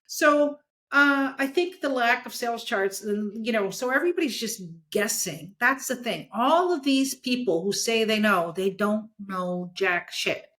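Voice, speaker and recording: A woman's voice: on the high side, unhurried, fairly bright tone. A woman talking bluntly and emphatically as a guest in a casual interview, often checking in with "okay?". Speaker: comics editor and guest.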